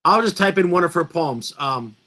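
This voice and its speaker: A man's voice: fairly high pitch, animated, normal speed, bright, forceful tone. A man teaching a poetry lesson to an online class, emphatic and asking his students questions.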